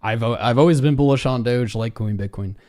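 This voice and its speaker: With a medium-pitched, dark voice and a fairly quick pace, a man runs a live crypto trading stream. He chats casually, calls out viewers by name, and reads the charts as he goes.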